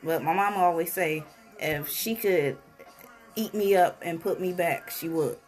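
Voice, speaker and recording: A co-host speaking in a relaxed, casual chat and telling stories in an easygoing way. The voice is of middling pitch. Soft music plays faintly behind. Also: unhurried. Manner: laid-back, relaxed storytelling.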